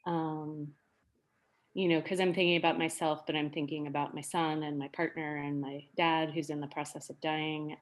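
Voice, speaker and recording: A woman sharing her reflections with a group in an earnest, thoughtful way. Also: sits low. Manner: earnest, reflective, many fillers. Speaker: workshop participant.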